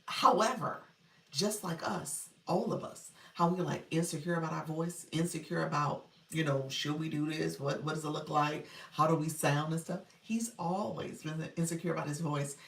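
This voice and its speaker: A low, gravelly-voiced woman talks through a casual live stream, chatting with viewers and laughing easily. She sits back from the mic in an echoey room at home, so the sound is distant and roomy. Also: normal speed. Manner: chatty, laughs often, reads viewer comments aloud. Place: room at home, child heard in background. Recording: roomy livestream audio from off-mic.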